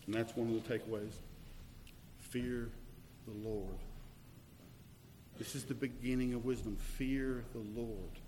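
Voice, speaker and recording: A man preaching a sermon, swinging from loud declarations to hushed, searching questions. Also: mid-range voice, steady tone, measured pace, long pauses, a little hiss or hum. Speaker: pastor. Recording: echoey hall with long reverb.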